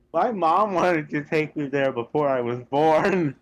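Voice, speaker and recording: Young guy, lively pitch, slightly high, deadpan jokester in casual chat. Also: very noisy. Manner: quick deadpan quips.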